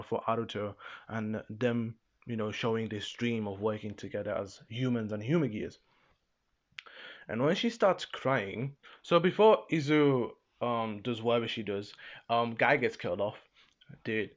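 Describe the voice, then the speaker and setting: A young man casually recapping an episode in a rambling way, full of fillers and laughs. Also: medium pitch. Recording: slightly dull lo-fi sound.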